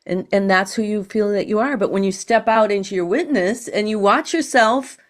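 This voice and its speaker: A woman guest on a podcast, explaining in a measured, teacherly way and acting out quoted thoughts. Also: medium pitch. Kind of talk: calm explanatory conversation.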